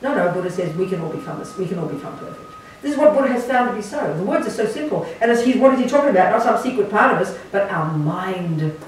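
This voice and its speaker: Outspoken nun lecturing a retreat group, punchy and wry, captured from across a reverberant hall with faint hiss. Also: female voice, medium pitch, lively intonation, fast talker. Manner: blunt, emphatic, sarcastic asides. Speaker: Buddhist nun teaching a retreat. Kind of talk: dharma talk to a retreat group. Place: meditation centre hall. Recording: echoey room from far off, faint hiss.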